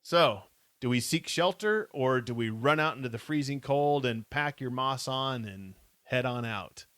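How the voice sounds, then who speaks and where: A man co-hosting a casual podcast, reading passages from a kids' adventure book at a steady pace and dropping wry remarks. His voice sits at an ordinary middle pitch. The sound is close and dry. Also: unhurried, no echo. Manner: steady reader, wry comments. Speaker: podcast co-host.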